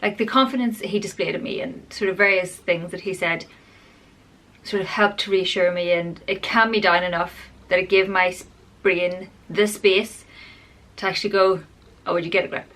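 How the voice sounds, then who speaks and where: A woman's voice: lowish voice, fairly even intonation, moderate pace, a bit bright. A woman talking openly in a personal vlog, rambling and confessional in a chatty way. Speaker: vlogger.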